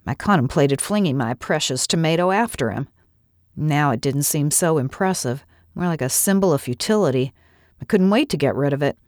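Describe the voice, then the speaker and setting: Low-voiced woman reading a personal story. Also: expressive, moderate pace, darkish tone, no room sound, clean studio sound. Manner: earnest, reflective storytelling. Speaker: narrator.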